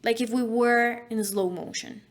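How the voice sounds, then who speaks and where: A woman's voice: on the high side, steady tone, unhurried. A woman teaching an online voice acting course, speaking in an instructive way and demonstrating diction drills.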